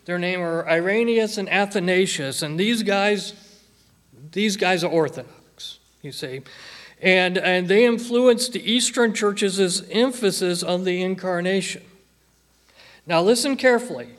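A male pastor delivering a sermon at an unhurried pace. He speaks in a slightly raised register, stressing and repeating phrases to drive points home. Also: sits high, a bit bright. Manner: slow, emphatic preaching with repeated phrases.

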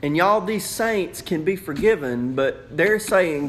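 A man preaching a sermon to a congregation, animated and playful, acting out questions in raised voices. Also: fairly high pitch, moderate pace, few pauses, very noisy. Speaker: pastor. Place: church sanctuary.

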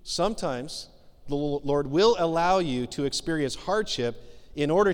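A man preaches a sermon from the pulpit, his voice sitting a little high for a man. He talks earnestly and conversationally, leaning on frequent filler pauses. The sound carries a long reverb, as from a church sanctuary. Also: animated. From Canada. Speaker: pastor.

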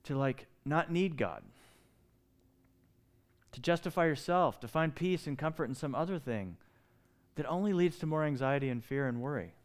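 A man's voice: fairly high pitch, expressive, moderate pace, pauses often. A middle-aged male pastor delivering a sermon, pleading and impassioned, with many rhetorical questions.

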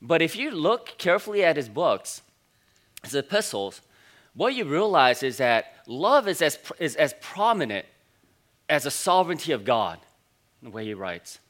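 A man in his forties preaches to a church congregation in a bright, clear voice. He talks in an easygoing, conversational way, telling stories and padding his sentences with casual fillers. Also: on the high side, big pitch swings, moderate pace. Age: 40s. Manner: conversational, storytelling, many fillers. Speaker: pastor. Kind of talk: sermon.

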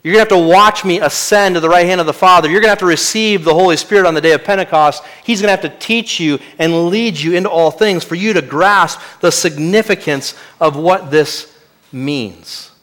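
A male pastor preaching an expository sermon. He often drops to a quiet, weighty voice for key lines. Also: sits high, brisk.

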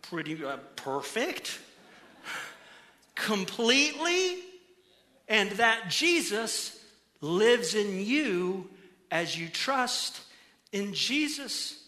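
A middle-aged male pastor giving an animated sermon in a church, moving between quiet emphasis and loud bursts. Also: high voice, drawn-out words, long pauses. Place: church auditorium.

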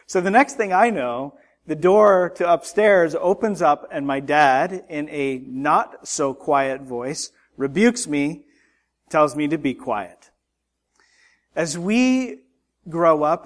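Man, pastor preaching, slow deliberate delivery, slightly high voice, hesitant storyteller. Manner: storytelling with many fillers and restarts. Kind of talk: sermon.

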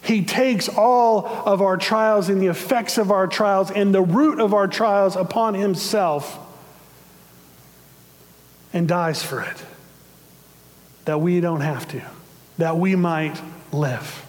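A man's voice: sits high, slow, pauses often. A man preaching a sermon in an earnest, conversational way, with some fillers. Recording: long hall reverb.

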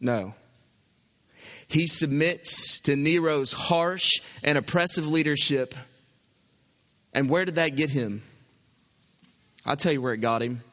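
A man preaching a sermon as pastor, animated, voicing imagined objections. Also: on the high side, takes it slowly, long pauses, long reverb tail.

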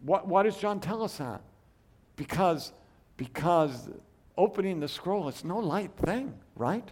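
A man teaching a Bible study lecture, emphatic, moving between loud stresses and hushed asides, asking rhetorical questions and restarting his phrases as he thinks aloud. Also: sits high, animated, a little slow.

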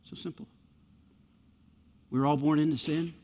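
A man's voice: on the high side, steady tone, a little slow, background noise. Man preaching in a reverberant hall. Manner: conversational preaching, acts out voices of doubters and Jesus. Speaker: pastor. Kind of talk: sermon. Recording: muffled sound with long hall reverb.

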